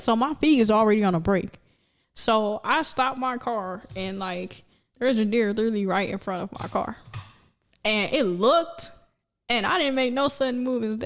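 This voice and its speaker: A young woman, a podcast guest, telling a story casually with lots of fillers and acting out quotes in a high voice. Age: young adult. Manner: animated, many fillers, acts out quotes in high voice.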